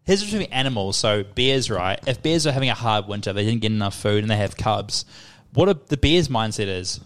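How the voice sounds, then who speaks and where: A man bantering on a casual podcast. He talks fast with a bouncy, animated pitch, throwing in jokes and interjections. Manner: quick, joking, interjecting. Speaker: podcast co-host.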